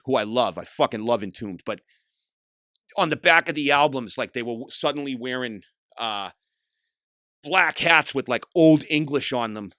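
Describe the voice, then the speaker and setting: A middle-aged man, hosting a podcast and telling hardcore scene stories in a profane, animated way. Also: medium pitch, no echo, clean studio sound. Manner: profane, animated storytelling, acts out quotes loudly. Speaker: podcast host. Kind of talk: casual storytelling monologue.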